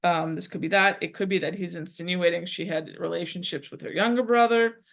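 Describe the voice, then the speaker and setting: A woman's voice: lowish voice, fairly even intonation, brisk, gravelly. A woman teaching a Latin translation lesson, thinking aloud and repeating phrases as she works out each line. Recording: dull lo-fi recording.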